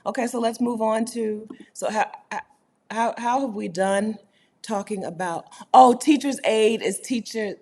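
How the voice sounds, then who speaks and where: A woman hosting a casual livestream, reading viewer comments aloud, emphatic and animated, laughing often and swinging between loud high bursts and low murmurs. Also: unhurried. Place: indoors, home setting while living abroad.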